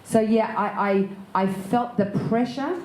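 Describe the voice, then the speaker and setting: Lively Australian woman telling stories, roomy hall. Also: on the high side, measured pace, slight background noise. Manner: lively, laughs often while telling anecdotes. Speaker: actor and director, interview guest. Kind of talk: candid storytelling in an onstage conversation.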